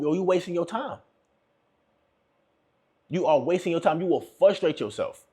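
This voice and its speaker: A young man with a husky, fairly high voice lectures viewers on relationships in a loose, emphatic way. He circles back to the same points over and over and keeps calling his audience bro. His pitch swings widely as he drives each line home. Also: darkish tone. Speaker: relationship advice vlogger. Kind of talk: casual advice monologue.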